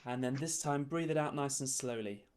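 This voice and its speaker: A man leading a choir's breathing warm-up over a video call, giving calm, encouraging step-by-step instructions. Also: mid-range voice, normal speed, slight background noise. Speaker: choir leader.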